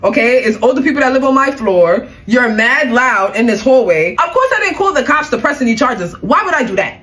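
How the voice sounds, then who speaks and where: A woman's voice: on the high side, expressive, a little fast, a bit bright. A young woman telling a personal story in a casual vlog, blunt and heated, with plenty of slang and cursing.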